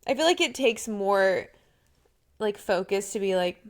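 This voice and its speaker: Woman, podcast co-host, relaxed casual chat, slow pace, animated pitch. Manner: relaxed, reacts and agrees a lot.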